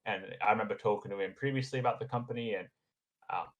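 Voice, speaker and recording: Relaxed young man, low voice. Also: fast, dull audio. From Australia. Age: young adult. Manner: relaxed and rambling, with frequent fillers and restarts. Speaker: podcast guest, engineering graduate. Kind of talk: casual conversation.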